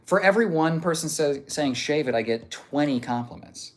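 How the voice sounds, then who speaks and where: A man's voice: fairly high pitch, animated, moderate pace. A man streaming live, reading viewer messages aloud in a joking, off-hand way. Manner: joking, off-hand, reads messages out one after another.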